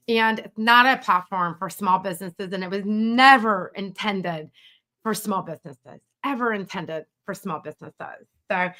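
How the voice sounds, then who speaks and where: Bright-voiced, chatty woman on a live stream. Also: medium pitch. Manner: chatty and animated, acts out quoted voices, many fillers. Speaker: business coach hosting a live stream. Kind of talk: casual live-stream chat.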